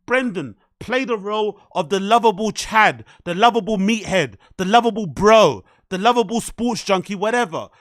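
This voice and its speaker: A man hosting a live reaction stream, excitable and swearing often as he laughs along. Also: high-pitched, moderate pace, hardly any pauses, dry recording, studio quality. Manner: excitable, swears heavily, laughs at own remarks. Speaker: streamer host.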